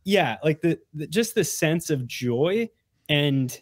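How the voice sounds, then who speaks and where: A man who is a guest on a podcast, chatting casually in an animated, rambling way with many restarts. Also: a little high, takes it slowly, no echo, studio quality. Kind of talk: casual conversational interview.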